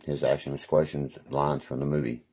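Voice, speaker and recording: A man's voice: very deep voice, flat delivery, a little fast, warm tone, husky. A man rambling profanely and boastfully through stories on a live stream. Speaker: livestreamer.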